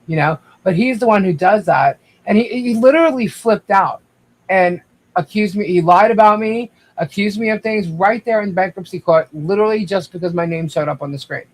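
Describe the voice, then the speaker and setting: A man with a high voice tells his side at length, circling back with restarts and fillers. He keeps turning to speak to the viewers directly in a casual livestream chat. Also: rough recording. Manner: rambling, restarts, addresses viewers. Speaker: guest.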